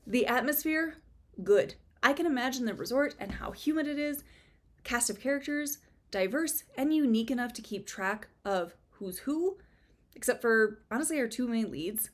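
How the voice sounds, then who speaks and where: Chatty woman reviewing books, fairly high voice. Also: lively intonation, moderate pace. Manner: chatty, sarcastic asides, frequent "like". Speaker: book reviewer. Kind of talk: casual book review.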